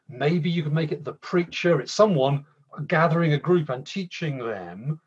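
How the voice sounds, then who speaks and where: Conversational male preacher, slightly husky voice, muffled lo-fi recording. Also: mid-range voice. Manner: conversational, halting with repeated restarts. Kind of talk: sermon. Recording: slightly dull lo-fi sound.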